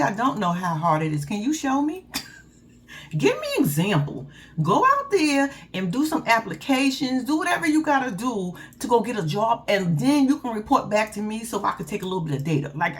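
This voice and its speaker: A woman, giving a casual, loud and profane recap of a reality show and laughing often. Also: mid-range voice, a little hiss or hum.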